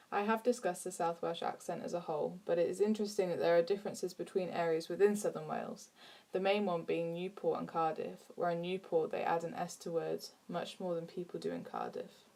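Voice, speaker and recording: A woman giving scripted, measured narration for an informative lesson. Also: on the low side, steady tone, gravelly, mellow.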